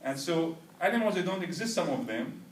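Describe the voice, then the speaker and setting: A man's voice: fairly high pitch, very animated, brisk. A man lectures a language class, now and then leading the students in repeating words aloud. He keeps checking for understanding as he goes. The recording is roomy and distant, with faint background noise. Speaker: language teacher. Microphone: far camera.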